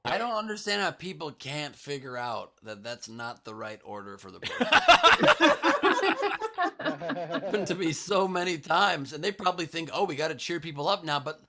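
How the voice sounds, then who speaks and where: A man's voice: a little high, big pitch swings, moderate pace, gravelly, pushed and bright. A man comedian chiming in on a video call with incredulous, joking asides. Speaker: stand-up comedian guest. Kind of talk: casual chat.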